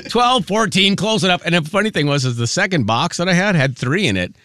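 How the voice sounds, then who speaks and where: Male morning radio host, animated pitch, casual banter, self-mocking, laughs a lot, studio mic. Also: brisk, dry recording. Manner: lively, self-mocking storyteller, laughs often. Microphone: studio microphone.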